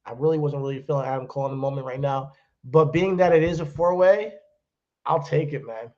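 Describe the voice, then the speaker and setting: A man co-hosting a wrestling podcast in relaxed casual chat, laughing easily and using many fillers. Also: mid-range voice, a little fast. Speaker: podcast co-host. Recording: dull lo-fi sound.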